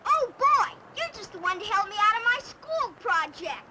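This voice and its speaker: Dennis, a mischievous little cartoon boy with a very high, chirpy voice. He bounces eagerly up and down in pitch. Thick hiss sits under the old TV audio. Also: very animated, normal speed. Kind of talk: cartoon voice acting.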